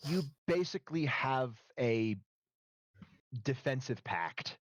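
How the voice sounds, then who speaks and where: A man's voice: mid-range voice, lively intonation, slow, no echo. A man acting as game master in a streamed tabletop role-play, patiently explaining the rules.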